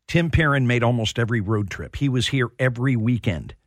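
A man's voice: mid-range voice, expressive, a little fast, no room sound, studio quality. A middle-aged man hosting a sports talk radio show, telling heartfelt stories with plenty of restarts. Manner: heartfelt storytelling.

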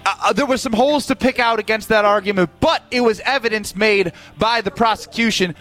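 A man's voice: high voice, fairly quick, a bit bright, soft background music, rough recording. A man on sports radio playing an overly serious juror, rambling through his verdict. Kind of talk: mock courtroom bit on sports radio.

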